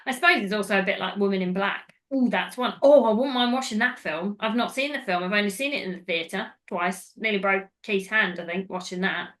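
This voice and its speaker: A woman's voice: mid-range voice, a little fast, hardly any pauses, fairly bright tone. A woman hosting a podcast, recapping a film in casual, rambling chat that goes off on tangents. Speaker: podcast host.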